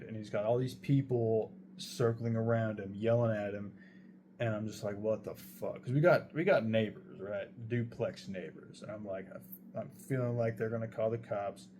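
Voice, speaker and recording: A man's voice: on the low side, dark tone, slight background noise. A young man casually telling a true story, rambling and swearing heavily as he goes. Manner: profane, rambling, heavy swearing.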